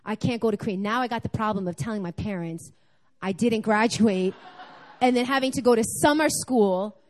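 A woman speaking at a church service, telling a personal testimony in an animated, storytelling way. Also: fairly high pitch, moderate pace, a little hiss or hum. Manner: animated storytelling, acting out dialogue.

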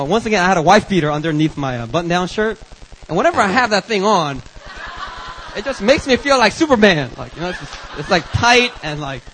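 A male preacher telling a story in a sermon, animated and acting out the dialogue. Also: high voice, slight background noise, poor audio.

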